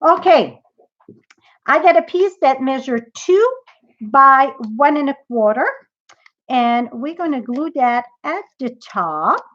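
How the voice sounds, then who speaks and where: A woman's voice: sits high, lively intonation, slow pace, fairly bright tone, muffled recording. A woman demonstrating a craft project in a live tutorial, chatty and thinking aloud as she works.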